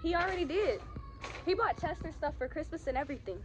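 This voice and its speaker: Brief: young woman vlogger, high lively voice, playful and dramatic, noisy store behind. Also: fast talker. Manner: playful, dramatic, loud outbursts. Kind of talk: casual vlog chat. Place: inside a big store.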